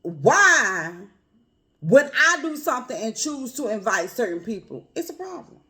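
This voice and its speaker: A woman speaking earnestly and personally to her viewers, calling them y'all and family, with a quiet, emotional edge. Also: on the high side, big pitch swings, a little slow. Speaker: vlogger. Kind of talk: heartfelt personal talk to camera.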